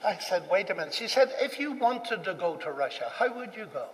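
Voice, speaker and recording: This man's voice runs higher than usual as he briskly recounts something that happened to him, animatedly playing out every exchange. Distant from the mic, he is followed by a long echo around a big hall, with a little hiss or hum underneath.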